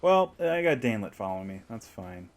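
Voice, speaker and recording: A man's voice: on the low side, very animated, brisk. A man streaming a video game, chatting casually to himself and the game with frequent chuckles. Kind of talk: casual gameplay commentary.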